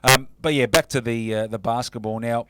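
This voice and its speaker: A man's voice: medium pitch, fairly even intonation, brisk, background noise. A man co-hosting a casual sports radio show, chatty and matey. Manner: chatty, calls co-host mate.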